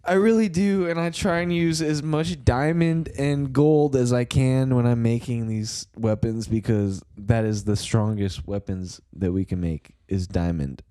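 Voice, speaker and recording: A man's voice: medium pitch, fairly even intonation, a little slow, hardly any pauses, mellow, no echo, clean studio sound. A man co-hosting a comedy podcast, answering in short reactions and playing along with the joke. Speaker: podcast co-host. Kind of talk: casual chat.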